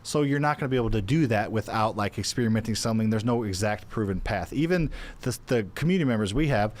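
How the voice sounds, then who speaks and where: A man co-hosting a casual investing podcast, loose and joking, thinking out loud and swearing now and then. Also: on the low side, expressive, quick pace. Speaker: co-host of a real estate investing show.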